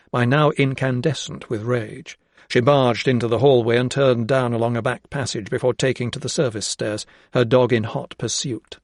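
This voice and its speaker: A male audiobook narrator with a mid-range voice, reading a period novel in steady, even storytelling. The sound is close and very dry, with no room at all. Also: medium pitch, no echo. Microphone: close studio mic.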